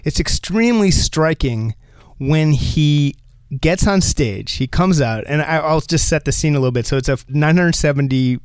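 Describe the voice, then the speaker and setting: Podcast co-host from New Jersey, animated and chatty, dry close recording. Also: male voice, fairly high pitch, moderate pace, clear, resonant tone, dry recording. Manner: talkative, animated, laughs often. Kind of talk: casual discussion.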